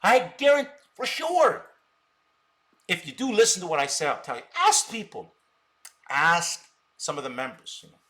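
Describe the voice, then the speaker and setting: A man with a somewhat high voice rants to his live stream viewers. He sounds combative, and he stammers by repeating words over and over as he pushes his points. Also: very animated, normal speed, long pauses, pushed and bright. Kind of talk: unscripted live stream talk.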